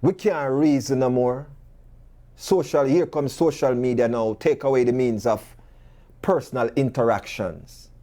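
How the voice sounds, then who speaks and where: Unhurried and medium-pitched, a Jamaican-accented host works through a talk show monologue. He asks rhetorical questions and spins animated tales in patois.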